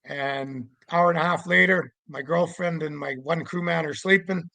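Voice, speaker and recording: Middle-aged male storyteller, gravelly, lively, acts out the shouting, dry recording. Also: on the high side, moderate pace, no echo, rough recording. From Canada. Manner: animated, acts out voices with loud shouts. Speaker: guest storyteller, Sasquatch investigator. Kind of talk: casual storytelling.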